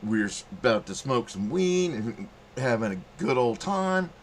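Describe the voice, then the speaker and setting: A man's voice: medium pitch, big pitch swings, unhurried, slight background noise. A middle-aged man telling a rambling, profane story in casual monologue, acting out quotes in a raised voice. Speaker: channel host telling a story.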